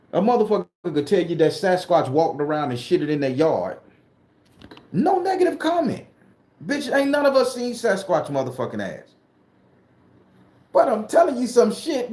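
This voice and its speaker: A man from southern Florida who vlogs spooky stories and reads tarot rants bluntly and profanely to the camera in a casual monologue. His voice sits high and a little mellow, with a roomy sound.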